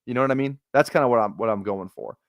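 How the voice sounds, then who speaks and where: A man from Minnesota chatting casually on a live stream while drafting fantasy football, rambling into excitable, profane rants full of filler words. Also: medium pitch, fast talker, no room sound, studio quality. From Minnesota, USA.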